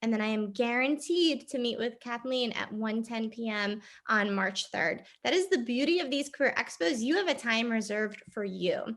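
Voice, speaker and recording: A woman's voice: a little high, lively intonation, moderate pace, few pauses, fairly bright tone. Upbeat woman presenting a career workshop. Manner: upbeat, explains while clicking through a screen. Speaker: career services staff.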